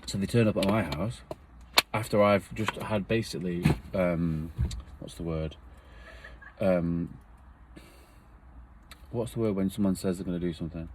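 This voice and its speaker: Deep-voiced man telling a story. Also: a little slow, long pauses, heavy background noise. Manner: earnest, rambling, emotional retelling. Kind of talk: personal storytelling.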